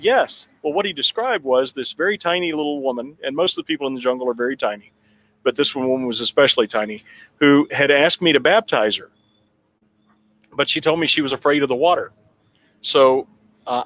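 A man's voice: on the high side, a bit bright, slight background noise. A man telling a long personal story at a town hall, rambling with restarts and chuckling now and then. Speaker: political candidate telling a story.

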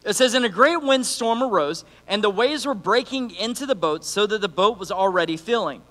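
Man, youth pastor, very high voice, playful sermon, reverberant church hall. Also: normal speed. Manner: animated, acts out quotes, joking asides. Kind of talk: energetic sermon.

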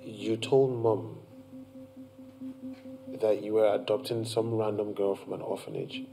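An indignant young son with a Nigerian accent, his low voice gravelly with fry. He speaks in an accusing tone over clear background noise. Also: steady tone, unhurried. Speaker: adult son confronting his father. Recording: noisy background.

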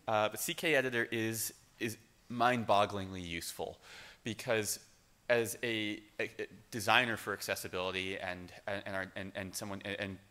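Casting note: man with a lowish voice, bright forceful tone, conversational presenter who stumbles and restarts. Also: fairly even intonation, moderate pace. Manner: casual, many fillers and restarts. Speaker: conference speaker. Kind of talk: conference presentation. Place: conference hall. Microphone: speaker microphone.

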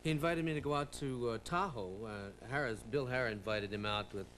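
A man from Long Island, a comedian guest telling lively stories on a talk show, laughing often and slipping into impressions. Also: mid-range voice, a little fast. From Long Island, New York. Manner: lively storyteller, laughs a lot, slips into impressions. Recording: 1980s TV tape with hiss.

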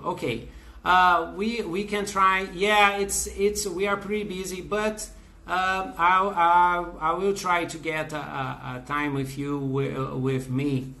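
A man's voice: a little high, pushed and bright. A man in his fifties from Brazil with a Brazilian Portuguese accent, teaching a live online English class, greeting viewers by name and reading out their comments, with frequent fillers and restarts.

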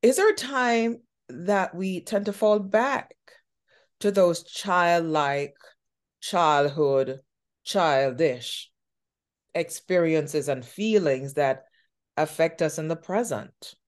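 A woman hosting an interview, talking in a slow, thoughtful way with drawn-out phrasing. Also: low voice. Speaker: podcast host. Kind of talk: reflective conversational interview.

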